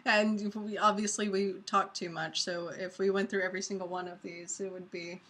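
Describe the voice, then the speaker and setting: A woman co-hosting a casual live webinar, relaxed and chatty as she explains things. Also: medium pitch, moderate pace. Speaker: co-host.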